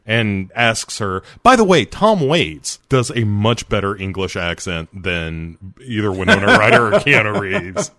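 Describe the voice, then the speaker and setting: A man with a very low voice, recorded close and dry with no room sound. He talks through a film in a loose, sardonic way, swearing freely as he riffs. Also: fairly bright tone, no room sound. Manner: sardonic, profane, riffing. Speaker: podcast co-host. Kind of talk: casual film commentary.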